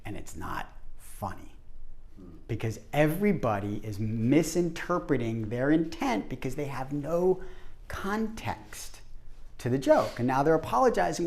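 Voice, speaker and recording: A man leads a workshop with a lively, swooping delivery and a gravelly edge to his voice. He acts out quoted voices as he talks to the group. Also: mid-range voice, measured pace. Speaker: workshop presenter. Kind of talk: interactive workshop talk.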